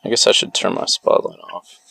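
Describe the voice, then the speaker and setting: A man flying a search drone, calmly giving directions over the phone. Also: fairly quick, no room sound. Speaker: drone pilot guiding a search.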